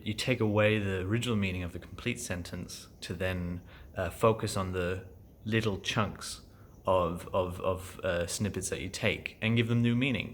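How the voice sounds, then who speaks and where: Low-voiced man musing in a halting vlog. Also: fairly bright tone, a little hiss or hum. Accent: German. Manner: thoughtful, halting, many fillers and restarts. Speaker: actor vlogging about acting class. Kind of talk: casual reflective vlog.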